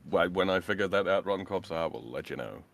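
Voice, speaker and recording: A man with a very deep voice that still moves around a lot, chatting as a stream guest. He hesitates and stumbles over his words, and soft music plays in the background. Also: expressive. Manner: hesitant, halting. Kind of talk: casual stream chat.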